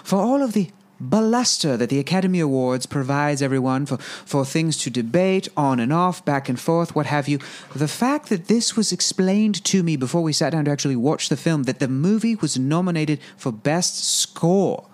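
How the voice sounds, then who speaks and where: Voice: mid-range voice, animated, moderate pace, few pauses, a little mellow. A podcast host chatting comedically, theatrical and mock-formal. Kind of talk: comedic chat in a put-on posh voice.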